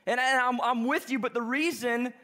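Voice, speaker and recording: A young adult man preaching a sermon, telling a story in an animated, chatty way. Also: very high voice, normal speed. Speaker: pastor.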